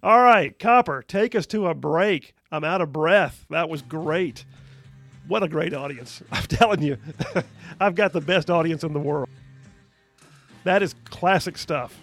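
A man hosting a call-in radio talk show, bantering quickly and upbeat with callers. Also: fairly high pitch, fairly bright tone, faint music behind. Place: radio studio. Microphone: studio mic, close.

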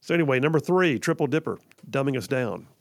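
Energetic talk radio host, gravelly. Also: male voice, mid-range voice, fast, dry recording. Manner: energetic, folksy, chatty. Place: radio studio.

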